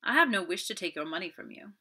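A woman's voice: fairly low pitch, animated, fast, pushed and bright, husky, exaggerated voice. Woman doing a scornful police detective. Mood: dismissive. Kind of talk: audiobook character voice.

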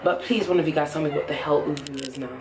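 A woman's voice: sits low, fairly even intonation, fast, a crowd in the background, low-quality recording. A tired young woman in her twenties, chatting casually and expressively to a handheld camera for her vlog. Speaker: vlogger. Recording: loud background noise, passing traffic. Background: loud ambient noise and vehicles.

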